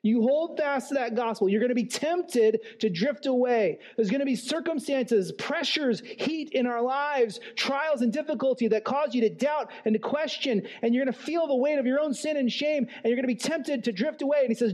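High-voiced earnest man preaching. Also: moderate pace, few pauses, darkish tone. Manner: earnest, rhetorical questions, emphatic repetition. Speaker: pastor. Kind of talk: sermon.

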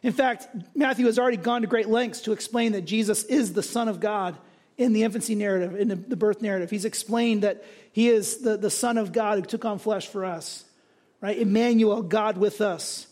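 A man preaches in a very high voice, loose and conversational, acting out little scenes as he goes. He keeps checking in with his listeners, dropping "right?" after his points. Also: normal speed. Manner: conversational, animated, often tags lines with "right?". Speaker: pastor. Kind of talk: sermon.

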